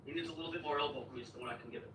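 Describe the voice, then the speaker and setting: A man's voice: fairly high pitch, racing. A man chatting casually in his kitchen while cleaning, telling a rambling, repetitive story. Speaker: vlogger. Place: home kitchen. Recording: echoey room, distant mic, background noise.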